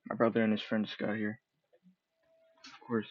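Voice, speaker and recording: A man's voice: lowish voice, completely flat delivery, normal speed, dull audio. A man streaming a game from a room at home, rambling and self-deprecating, swearing casually as he chats. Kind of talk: casual live-stream commentary.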